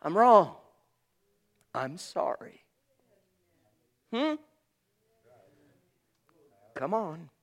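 A man preaching a sermon with passion, swinging from loud calls to hushed asides. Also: high voice, very animated, drawn-out words, pauses often.

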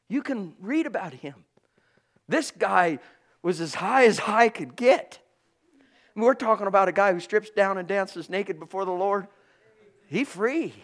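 Man, high voice, preacher, passionate sermon, loud and hushed by turns. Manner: passionate, swings between loud calls and hushed asides.

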